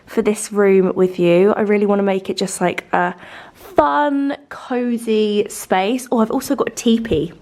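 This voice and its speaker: A woman's voice: medium pitch, fairly even intonation, measured pace, darkish tone. A young woman chatting casually to camera about her home and family, full of fillers and gushing asides. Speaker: lifestyle vlogger. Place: home with farm animals nearby.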